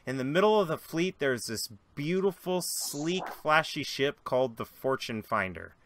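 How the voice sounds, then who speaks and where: A man narrating as game master of a tabletop role-playing game, animated with quick asides. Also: on the high side, a little hiss or hum.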